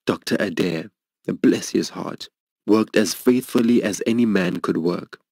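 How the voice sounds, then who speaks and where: A man's voice: unhurried, gravelly, darkish tone, no room sound. Earnest man preaching a personal story. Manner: earnest, emotional storytelling, voicing others' lines higher. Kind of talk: sermon testimony storytelling.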